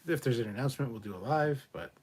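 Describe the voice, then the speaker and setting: A man's voice: medium pitch, expressive, fast talker, a little mellow, slightly rough. A man hosting a casual livestream, reading viewer comments aloud and answering them in an offhand, profane way. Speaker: livestream host reading chat. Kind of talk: casual live chat.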